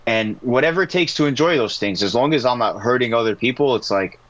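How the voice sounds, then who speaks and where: A man with a softened New Jersey accent chats as a podcast guest, laid-back and loose, telling stories with the odd curse word. His pitch sits in a middle range. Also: expressive, quick pace, poor audio. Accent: New Jersey, weakened. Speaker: guest, pro player. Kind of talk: casual podcast chat.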